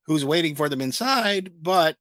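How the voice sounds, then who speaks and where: A man co-hosting a casual pop-culture show, reading out news items in a relaxed, filler-heavy way. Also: a little high, moderate pace, dry recording. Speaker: co-host. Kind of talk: casual chat about comic and pop news.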